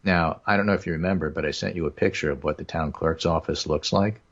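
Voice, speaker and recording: A man's voice: rumbling low, steady tone, quick pace, lo-fi sound. A man hosting a podcast, casually telling a story and acting out what people said. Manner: storytelling, acts out other people's lines. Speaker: podcast host. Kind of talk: casual chat, telling an anecdote.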